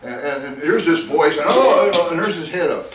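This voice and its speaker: A man teaching a Bible class, chuckling and animated as he tells the story and reads scripture aloud. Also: a little high, normal speed, a little hiss or hum. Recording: echoey room, voice from a distance.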